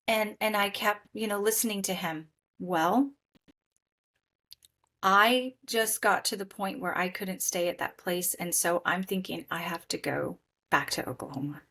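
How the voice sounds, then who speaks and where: A woman sharing her life story as a podcast guest, speaking candidly and acting out what people said to her. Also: medium pitch. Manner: animated storytelling, acting out quoted voices. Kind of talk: candid personal testimony.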